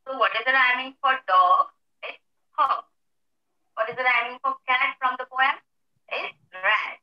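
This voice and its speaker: A woman teacher who reads slowly and deliberately. Her voice is fairly high, and it comes from away from the mic in an echoey room with a lo-fi sound. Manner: slow, deliberate. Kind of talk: reading a poem and explaining rhymes. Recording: echoey, distant, lo-fi.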